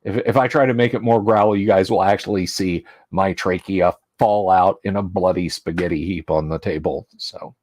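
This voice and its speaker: A man's voice: low-pitched, steady tone, moderate pace, hardly any pauses, darkish tone, no echo. A man hosting a casual livestream as game master, talking in a rambling, chatty and self-deprecating way, his voice tired from talking all day.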